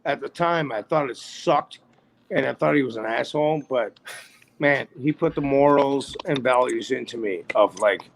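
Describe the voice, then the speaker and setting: Gravelly-voiced man in his late forties, a podcast guest telling stories with loose, salty talk. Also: medium pitch, normal speed, slight background noise. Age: 40s. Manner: laid-back, profane, says "man" a lot. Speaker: podcast guest, bass player. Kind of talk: casual chat storytelling.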